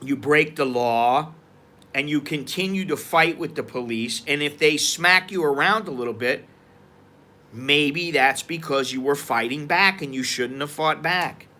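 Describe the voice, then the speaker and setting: A man's voice: a little high, unhurried, bright, forceful tone, slight background noise. A man from the United States telling a story and ranting on a live stream, heated and profane. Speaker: vlogger. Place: outdoors at a market.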